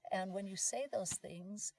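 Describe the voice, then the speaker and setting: A middle-aged woman guest explaining something step by step in a casual talk, acting out quoted lines loudly. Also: medium pitch, unhurried, vocal fry, slight background noise. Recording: voice from some distance off the mic.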